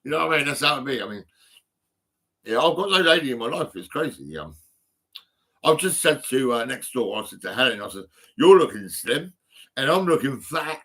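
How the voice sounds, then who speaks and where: A man's voice: medium pitch, animated, a little fast, vocal fry, long pauses, sharp tone, slightly rough. A man, rambling through a personal phone vlog full of ums and restarts. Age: 50s. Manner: rambling, full of ums and restarts, laughing at his own stories. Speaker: vlogger.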